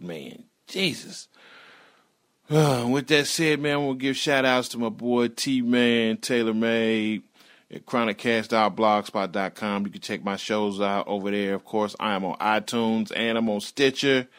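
A man's voice: on the low side, fairly bright tone. Profane laid-back podcast host, man. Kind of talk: casual show sign-off.

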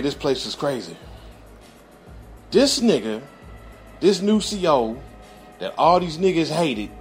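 A man, a correctional officer, telling a story from work in a casual, profane way and laughing as he goes. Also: on the high side.

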